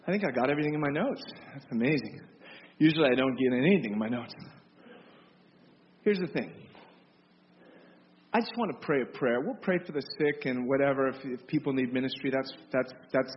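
An impassioned male preacher with a high voice delivers an emphatic, scolding sermon. His words ring out with a long reverb in a large hall. The recording is muffled and carries a faint hiss.

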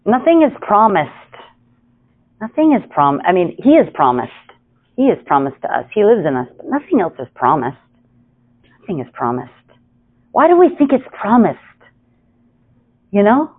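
Woman, casual Bible teacher, lively pitch, chatty asides, tinny phone-like sound. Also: moderate pace, pauses often. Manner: chatty, with many asides and laughs.

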